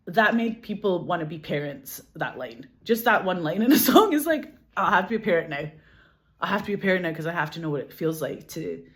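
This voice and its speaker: A woman with a Glasgow Scottish accent, chatting casually as an interview guest, animated, laughing often, swearing and saying "like" a lot. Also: lowish voice, brisk, few pauses. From Scotland. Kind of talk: casual chat.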